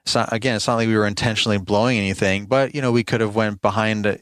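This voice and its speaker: A man's voice: fairly low pitch, fairly even intonation, very fast, a bit bright, no room sound. A man hosting a podcast as a lawn care business owner, telling a rambling, conversational story and sounding exasperated about complaints. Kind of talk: casual storytelling monologue.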